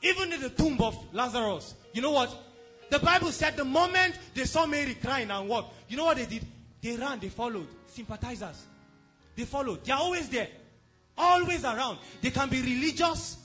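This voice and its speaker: A man with a strikingly high voice preaches a sermon at a church service. He speaks emphatically and checks in with the congregation again and again. Soft music plays quietly behind him. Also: animated, normal speed. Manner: emphatic, repeatedly asks the congregation if they are following. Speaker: pastor.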